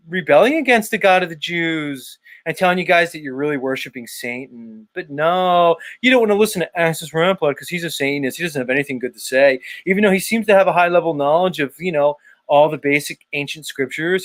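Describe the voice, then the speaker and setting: A man's voice: a little high, a bit bright, dry recording. Sarcastic, swearing man on a livestream. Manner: profane, sarcastic ranting. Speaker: host. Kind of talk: casual livestream rant.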